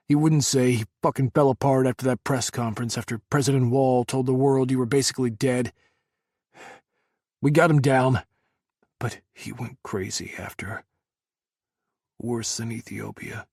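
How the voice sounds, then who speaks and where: A man's voice: mid-range voice, vocal fry, darkish tone, husky, dry recording, clean studio sound. A man voicing a distraught soldier who curses bluntly. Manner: cursing, blunt. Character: foul-mouthed male soldier, distraught. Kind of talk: audiobook character voice.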